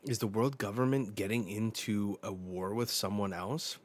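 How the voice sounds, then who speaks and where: A man's voice: fairly low pitch, steady tone, normal speed, natural voice. A man reading a bitter, vengeful giant prince.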